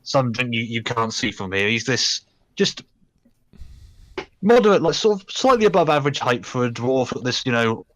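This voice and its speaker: Halting young male game master. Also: medium pitch, sing-song, a little hiss or hum. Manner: hesitant, many fillers. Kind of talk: narrating a tabletop game.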